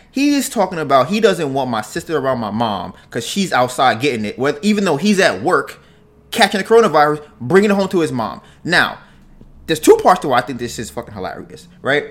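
A man hosting a podcast, telling a story in a casual, animated way and tagging phrases with "right?". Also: a little high, fairly quick. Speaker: podcast host.

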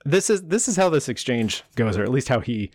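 A man chatting casually as a podcast co-host, an animated storyteller who laughs often. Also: medium pitch, brisk, dry recording, studio quality. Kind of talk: casual chat.

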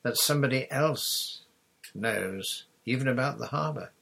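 A dreamy, dramatic young girl sailor, lifted in pitch, as a male narrator puts her on. A husky, slightly gravelly texture still shows through. She speaks like a child imagining enemies and secret harbours in a storybook. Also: a little slow, fairly bright tone, heavily acted. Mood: wondering.

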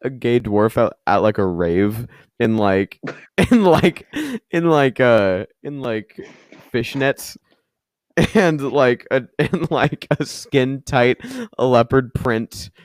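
A young man co-hosting a podcast in casual chat, laughing a lot and jumping in with animated remarks. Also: medium pitch, slow pace, no room sound, clean studio sound. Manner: giggly, animated interjections. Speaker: podcast co-host.

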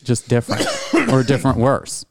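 A man's voice: mid-range voice, flat delivery, normal speed. A man co-hosting a casual radio talk show, laid-back and teasing. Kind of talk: casual podcast chat.

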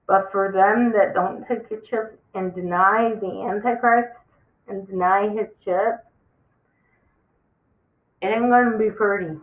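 A religious vlogger with a medium-pitched, steady voice speaks at a measured pace, pausing often, in an impassioned end-times warning. The monologue is emphatic and preachy, repeating words for stress, and sounds tinny and phone-like in an echoey room.

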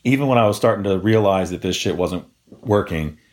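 A man's voice: deep voice, fairly quick. A young man co-hosting a podcast, casually telling a long story with plenty of swearing and quoted voices. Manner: profane, animated retelling with quoted voices. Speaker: podcast co-host.

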